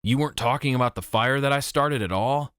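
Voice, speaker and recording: A man's voice: mid-range voice, fairly quick, fairly bright tone, clear, resonant tone, no room sound, clean studio sound, pitched above the performer's own voice, lightly acted. A man voicing an anxious, unsure teenage boy in an audiobook, speaking hesitantly. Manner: hesitant, confiding.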